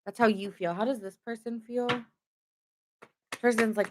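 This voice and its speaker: A woman's voice: fairly high pitch, fairly even intonation, moderate pace, background noise. A woman giving a casual live tarot reading, chatting straight to her viewers and filling her talk with "like". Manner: chatty, lots of "like" fillers, talks straight to viewers. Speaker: tarot reader.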